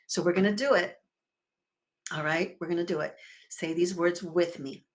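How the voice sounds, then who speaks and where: A woman minister giving a sermon in a conversational, expressive way, swelling and dropping her volume and leading the congregation in repeating words together. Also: fairly low pitch, normal speed. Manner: expressive with sudden swells and drops in loudness.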